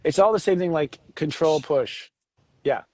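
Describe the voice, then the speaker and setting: A man co-hosting a casual spiritual talk about astrology, animated and joking. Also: unhurried, breathy edge, no room sound. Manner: animated, jokes, acts out voices with big pitch jumps. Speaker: astrology show co-host.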